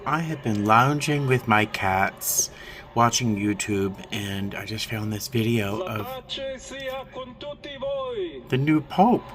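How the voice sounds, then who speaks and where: A man's voice: on the low side, slow pace, long pauses, a crowd in the background. A middle-aged man casually vlogging from a small home studio, rambling in a heartfelt way with many ums and restarts. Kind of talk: casual personal vlog.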